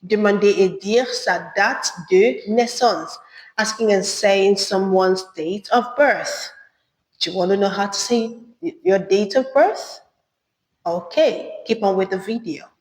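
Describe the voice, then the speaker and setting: A woman teaching a beginner French lesson, saying each phrase slowly and then repeating it. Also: mid-range voice. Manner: slow, careful repetition of phrases. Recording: echoey room with long reverb.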